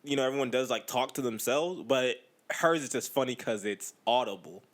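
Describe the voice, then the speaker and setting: A man's voice: mid-range voice, moderate pace. A man co-hosting a casual podcast, telling rambling stories and laughing easily. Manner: rambling storytelling, easily amused. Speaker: podcast co-host.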